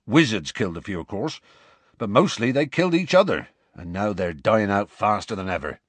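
Telling a story at an easy pace, a man plays a massive half-giant gamekeeper who speaks roughly in a folksy country dialect, dropping letters. The lowish voice has lively intonation and no echo.

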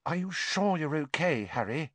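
A man's voice: on the high side, animated, normal speed, no room sound, voice pushed up. A man reading an audiobook, voicing a clever teenage girl who speaks in an earnest, anxious way. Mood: worried. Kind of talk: audiobook character voice.

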